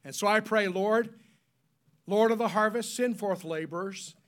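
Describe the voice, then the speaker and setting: The congregation repeats key words back to a high-voiced preacher after he spells them out slowly. He alternates between loud, emphatic bursts and hushed, solemn moments.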